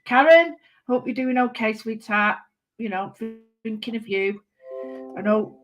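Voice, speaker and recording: A woman with a Mancunian accent chats her way through a live craft stream, bubbly and talkative. Her voice sits slightly high, and she greets her viewers one by one as she shows her work. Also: measured pace, faint music behind. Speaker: craft channel host.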